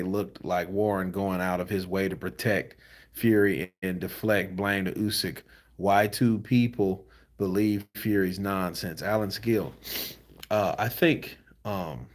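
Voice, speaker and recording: A tired man hosting boxing commentary, reading viewer comments in a loose, slangy, laid-back way. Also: fairly low pitch. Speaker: host of a boxing news channel.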